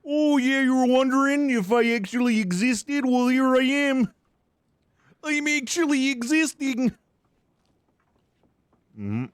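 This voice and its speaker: A man's voice: very high-pitched, takes it slowly, pauses often, smooth, no room sound, clean studio sound, pitched above the performer's own voice. A man voicing a cheerful, folksy woman with a Wisconsin accent, sing-song and chummy. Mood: cheery. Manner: sing-song, folksy, calls people bud.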